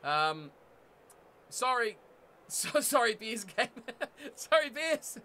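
A young man commentating a rugby video game live and chatting with viewers, excitable and laughing often. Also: very high voice, drawn-out words. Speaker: game streamer.

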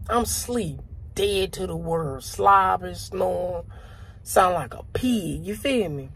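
A man telling a comic story in an animated, profane way, with sound effects and asides. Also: high voice, creaky, slight background noise. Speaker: comedian.

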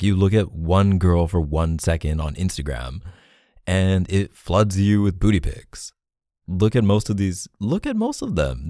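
A man's voice: low-pitched, warm tone, no echo, studio quality. A man voicing a defensive boyfriend in a jealous argument, in a whispered role-play, pleading and flustered, sighing often.

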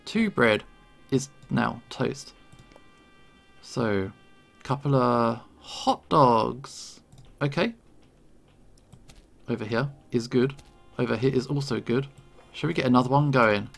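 A man giving casual gameplay commentary, relaxed and thinking aloud as he plays. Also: mid-range voice, takes it slowly, vocal fry, pauses often, faint music behind. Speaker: gaming video creator.

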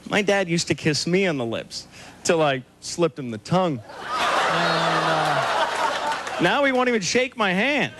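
A man performing a stand-up comedy set on a club stage, firing off deadpan one-liners with sudden loud outbursts. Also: on the high side, takes it slowly. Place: comedy club stage before a laughing audience. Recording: live club recording, loud crowd and noise.

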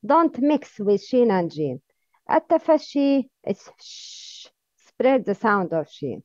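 A woman with a high voice and as her teaches a slow, patient pronunciation lesson. She sounds out each letter again and again, then sets the wrong forms against the right ones. The recording is dry and a little dull. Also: very animated, a little mellow, dry recording. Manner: demonstrates sounds by repeating them, then corrects wrong versions. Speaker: Quran recitation teacher.

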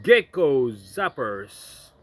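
A man casually unboxing a product, reading the label aloud and breaking into excited asides, at home in New Zealand. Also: medium pitch, very slow, dry recording. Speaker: unboxing vlogger.

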